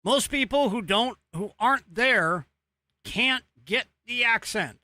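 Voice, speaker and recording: A man's voice: extremely high pitch, lively intonation, slow, pushed and bright, dry recording, studio quality. Rambling, exasperated male commentary host. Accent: American. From United States. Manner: rambling, exasperated, sarcastic asides. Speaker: podcast host. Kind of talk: casual political commentary.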